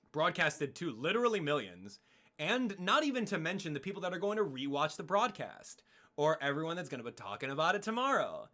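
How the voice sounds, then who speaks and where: A young man in a casual live-stream rant, heated and exasperated as he talks to his viewers. His voice is bright and fairly high for a man, with a lively, swinging pitch.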